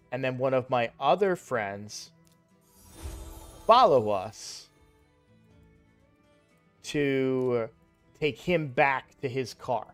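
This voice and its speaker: A man's voice: medium pitch, smooth. Young guy rambling through a story while he games, lots of um and like, faint music behind. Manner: rambling, many fillers and restarts. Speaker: gaming streamer. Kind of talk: casual storytelling while gaming.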